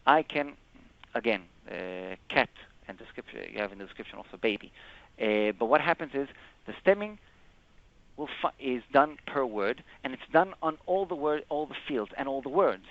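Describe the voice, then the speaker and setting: Male trainer, mid-range voice, halting explanatory delivery with many self-corrections; dull, lo-fi webinar recording. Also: mid-range voice, lively intonation, gravelly. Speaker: software trainer presenting a webinar. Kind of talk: live screen-share product demo.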